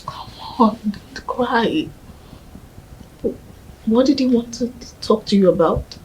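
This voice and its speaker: An actress playing a young woman with a Nigerian accent who comforts her partner in a soft, half-whispered voice. The tone is dark and mellow, with a faint hiss in the background. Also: a little high, expressive, slow, poor audio. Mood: tender. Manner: soft, tender, often whispering. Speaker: grieving widow, then comforting partner. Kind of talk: Nollywood film acting.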